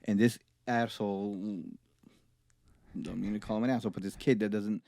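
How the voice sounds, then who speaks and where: A man's voice: on the low side, normal speed, no echo. A man, a recording engineer, telling casual profane stories as a podcast guest. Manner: profane, animated anecdotes with laughs. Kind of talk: casual storytelling.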